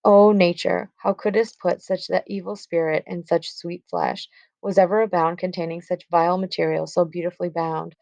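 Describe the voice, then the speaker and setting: Juliet, a teacher reading a distraught young bride. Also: female voice, on the low side, steady tone, moderate pace, creaky, darkish tone, no echo. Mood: anguished. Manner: read aloud plainly from the script. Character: young teenage girl, newly wed, distraught and torn.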